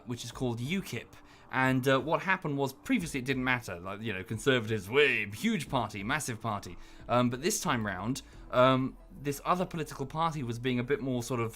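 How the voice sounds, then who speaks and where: A British man chatting casually while he streams a game, rambling with lots of fillers and jumping into high, exaggerated voices when he quotes people. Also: a bit bright. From United Kingdom.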